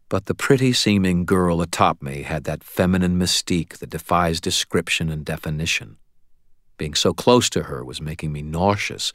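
A man's voice: low-pitched, a bit bright, no echo. A man narrating a first-person audiobook with a wry, dry delivery.

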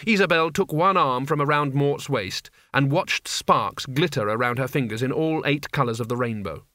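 A fantasy novel is narrated by a man in a medium-pitched voice, read in a measured and expressive manner. It's a dry, studio-quality audiobook recording of scripted narration.

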